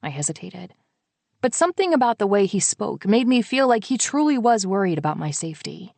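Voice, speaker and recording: A woman narrating an audiobook in the first person, soft and intimate, on a close studio mic. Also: mid-range voice, lively intonation, normal speed, vocal fry, dry recording.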